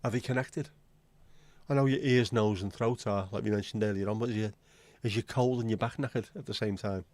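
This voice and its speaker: Chatty man with a lowish voice. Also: steady tone, fairly quick, darkish tone, no room sound. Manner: chatty, crude, self-mocking jokes. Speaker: livestream host. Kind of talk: casual livestream chat.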